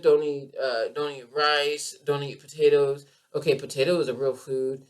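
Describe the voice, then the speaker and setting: A woman talks straight to her listeners on her own podcast as a keto coach. Her delivery is emphatic and animated, full of passion. She repeats phrases to drive each point home. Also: low-pitched, moderate pace, hardly any pauses. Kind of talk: passionate health monologue.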